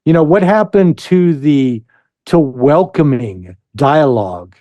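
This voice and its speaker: A man's voice: fairly high pitch, animated, dry recording, lo-fi sound. An American man speaking as a guest musician in a casual interview, hesitant and full of fillers. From United States. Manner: slow, hesitant, many fillers.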